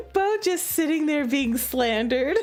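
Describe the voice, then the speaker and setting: A woman streamer in casual chat at home, playful and giggly as she chats with her pets and coaxes them. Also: high-pitched. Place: room at home.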